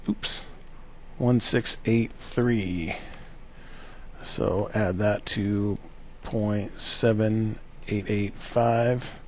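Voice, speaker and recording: A man working through probability problems aloud as a teacher, thinking out loud with fillers and self-corrections and checking in with "right?". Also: fairly low pitch. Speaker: math teacher.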